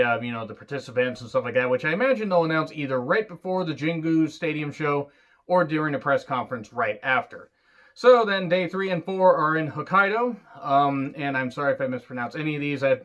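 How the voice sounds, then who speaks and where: A man giving a casual solo wrestling review, excitable and rambling, swearing freely. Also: on the high side.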